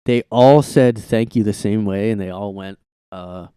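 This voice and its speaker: A man's voice: lowish voice, unhurried, warm tone, smooth, no echo. A man hosting a casual solo podcast from his room, rambling and swearing, packing his speech with "like", on a close mic. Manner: rambling, heavy "like" filler, profane. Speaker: podcast host.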